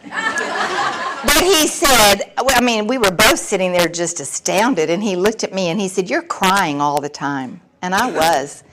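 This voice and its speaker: A woman's voice: medium pitch, lively intonation, unhurried. Wry woman in her sixties telling her story. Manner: candid, wry, laughs often through the story. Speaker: speaker sharing at a recovery meeting. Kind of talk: personal storytelling talk. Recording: recording with clear background noise.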